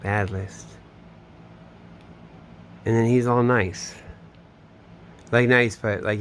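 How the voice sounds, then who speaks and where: A man's voice: medium pitch, steady tone, extremely slow, pauses often, fairly bright tone, a little hiss or hum. A man telling a long, meandering personal story, swearing often and trailing off mid-sentence. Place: home in Florida.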